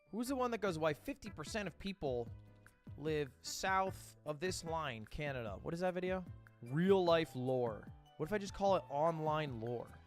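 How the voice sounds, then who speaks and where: A man narrating his own vlog, upbeat and confident with a self-deprecating edge. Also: on the high side. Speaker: YouTuber.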